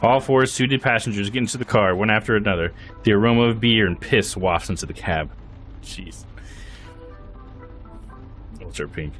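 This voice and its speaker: A young man streaming a game, reading its text aloud with lively commentary and frequent laughs. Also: lowish voice, fast, faint music behind. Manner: lively, laughs often, reads narration aloud.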